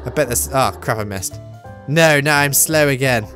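A gamer giving excitable, self-mocking commentary on a let's play. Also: medium pitch, normal speed, faint music behind. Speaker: gaming YouTuber.

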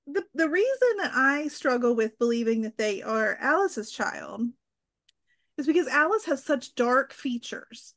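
A woman's voice: high voice, animated, measured pace, fairly bright tone. A woman co-hosting a casual fan podcast, tossing out theories in a tentative, hedging way. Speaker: podcast co-host.

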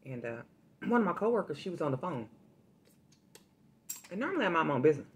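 A woman hosting a casual food vlog, talking straight to her viewers and telling a story in a lively, chatty way. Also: sits low, fast talker. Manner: chatty, addresses viewers directly, animated storytelling. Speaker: food vlogger.

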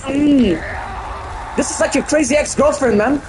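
A man hosting his gaming channel, yelling, swearing and reacting loudly while he plays, with game sound playing from his speakers. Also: very high voice, measured pace, pauses often, crowd noise, noisy background. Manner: loud, excitable, swears and yells at the game. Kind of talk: rage-reaction gameplay commentary. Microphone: home setup with surround sound speakers. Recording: voice mixed over game audio. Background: game music.

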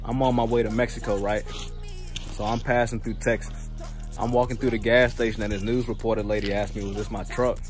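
Man, flat even pitch, laid-back storytelling, music underneath. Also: brisk. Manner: laid-back anecdote telling. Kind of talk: casual storytelling.

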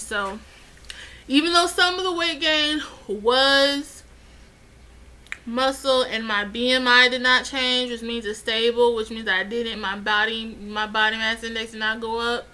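A woman's voice: a little high, fairly even intonation, a little slow, bright, forceful tone, poor audio. A young woman chatting casually in a vlog, rambling and getting heated as she retells events. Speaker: vlogger.

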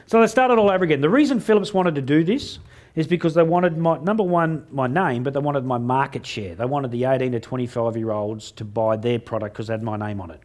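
A middle-aged Australian man telling a funny story to an audience, playing out each line of dialogue himself. His voice sits a little high and he mocks himself as he goes. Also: fast. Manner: lively storyteller who acts out dialogue, self-mocking. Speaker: motivational speaker. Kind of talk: humorous storytelling talk on stage.

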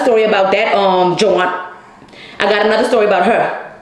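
A woman's voice: medium pitch, steady tone, fairly quick. Blunt swearing woman telling a story. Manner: blunt, heavy swearing, addresses viewers as y'all. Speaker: storyteller vlogger. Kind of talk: casual storytime monologue. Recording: echoey room.

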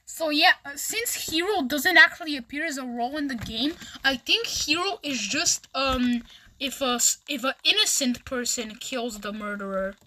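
A young-sounding woman with a high voice, playing a game with friends and reacting out loud. She shrieks, laughs and complains dramatically. The mic picks up a lot of background noise. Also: normal speed. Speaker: channel host. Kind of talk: casual gaming chat with friends.

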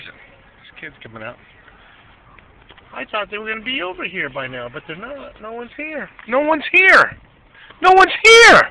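A man's voice: a little high, pushed and bright, poor audio. A man chatting playfully with a toddler in a home video, teasing and sing-song, from a parked car.

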